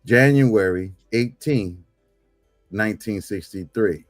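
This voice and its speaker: A man with a low voice reads aloud during a class, measured and stressing important words. The sound is very dry and close. Faint music plays underneath. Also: no room sound. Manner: measured, stressing key words when reading. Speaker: student reading aloud in class.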